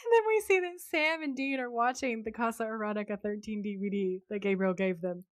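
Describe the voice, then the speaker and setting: A woman's voice: on the high side, fairly quick, dry recording, studio quality. Chatty American woman recapping a show. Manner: animated storytelling, laughs often. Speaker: podcast co-host. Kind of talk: casual recap chat.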